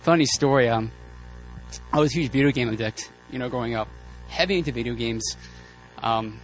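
A man preaching a sermon, telling personal stories in a casual, joking, animated way with many fillers and restarts. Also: mid-range voice, fairly quick, faint music behind.

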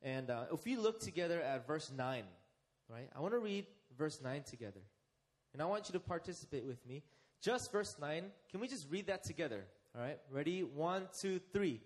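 A young man preaching a sermon, asking his listeners questions and slowing down to stress key phrases. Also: on the high side, lively intonation. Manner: interactive, asks the congregation questions and leads them.

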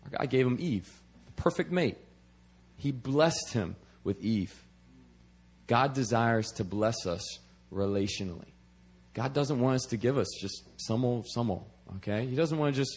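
A man's voice: medium pitch, animated, measured pace, slightly rough. A man preaching a sermon in a conversational way, often checking in with "okay?" and repeating words as he restarts. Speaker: preacher and missionary.

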